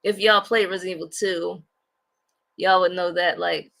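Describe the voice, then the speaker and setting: A woman's voice: fairly low pitch, fairly even intonation, moderate pace, creaky, a bit bright. A woman hosting a casual livestream, rambling and repeating herself as she talks to viewers. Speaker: livestream host.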